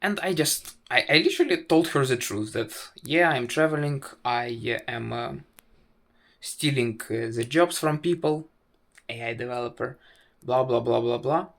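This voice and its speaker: A man's voice: medium pitch, a bit bright. A man tells a wry, self-mocking story to camera, stopping often on "uh" and restarting his sentences. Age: 20s. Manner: halting, full of "uh" fillers and restarts. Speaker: vlogger.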